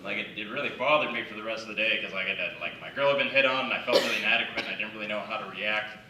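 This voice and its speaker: A man from the Yukon doing a conversational, self-deprecating stand-up set on a theatre stage, slipping into quick acted quotes. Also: on the low side, pushed and bright, dull audio, a little hiss or hum. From Yukon, Canada. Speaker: stand-up comedian. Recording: echoey theatre, mic at a distance.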